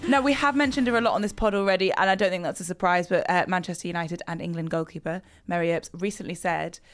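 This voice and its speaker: A woman's voice: on the low side, fast, soft background music. A woman presenting a casual podcast, teasing her guests and laughing easily.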